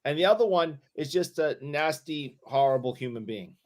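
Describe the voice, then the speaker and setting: A man's voice: a little high, animated, moderate pace. A man co-hosting a podcast, telling a story in casual chat with a sheepish, stumbling delivery. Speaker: podcast co-host.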